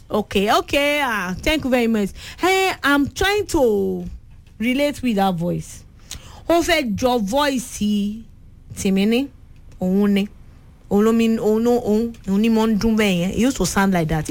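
A woman with a Nigerian accent hosting a call-in radio game show, chatty and teasing, switching between languages. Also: medium pitch.

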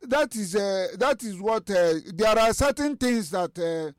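High-voiced man, emphatic and halting. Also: lively intonation, dry recording, studio quality. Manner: halting, many restarts, rising to emphatic questions. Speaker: studio guest. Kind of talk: radio talk show discussion.

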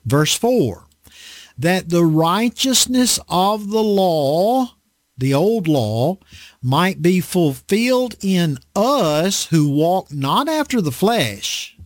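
A man's voice: a little high, sing-song, extremely slow, no room sound. A man preaching a conversational Bible sermon in a dry indoor room, self-deprecating and acting out voices as he teaches.

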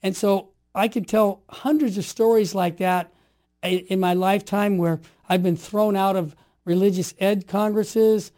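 A man in his sixties, a guest telling stories with passion and rising into forceful exhortation. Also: high voice, steady tone, a little slow. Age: 60s. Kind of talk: impassioned storytelling.

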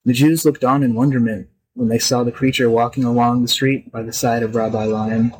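A man's voice: medium pitch, fairly even intonation, a little fast, darkish tone, slight background noise, low-quality recording. Man narrating a folk tale. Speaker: storyteller. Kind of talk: scripted storybook narration.

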